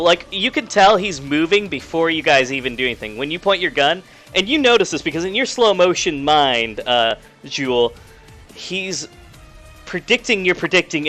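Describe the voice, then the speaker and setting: A young man narrating as game master of a tabletop game, casual and halting with lots of fillers. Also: a little high, pushed and bright.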